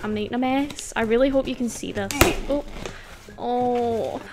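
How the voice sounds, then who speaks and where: Excitable young Scottish woman vlogging. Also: a little high, normal speed, heavy background noise. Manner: excitable, gushing and rambling. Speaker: YouTuber. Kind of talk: casual unboxing vlog.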